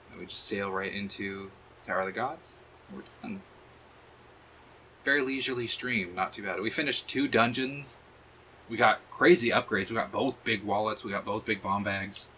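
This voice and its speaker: A man's voice: fairly low pitch, moderate pace, long pauses, sharp tone, slight background noise. A man streaming a video game, chatting casually as he plays, thinking aloud and swearing freely. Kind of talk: casual gameplay commentary.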